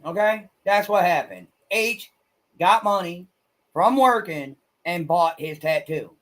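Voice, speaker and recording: A man chatting on a livestream, his voice sitting a little higher than most men's. He talks bluntly and crudely, and he gets excitable between asides. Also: slow. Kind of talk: casual livestream chat.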